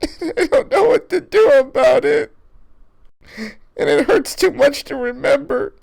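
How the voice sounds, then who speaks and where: A grieving young man racked by need, halting and tearful, his voice swooping up and down and cracking into gravel, as a woman plays him at a gaming table. He drags out his words slowly. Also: high voice, expressive, a little mellow, exaggerated voice. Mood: anguished. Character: young man addicted to a drug, grieving, desperate. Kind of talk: tabletop role-play voice acting.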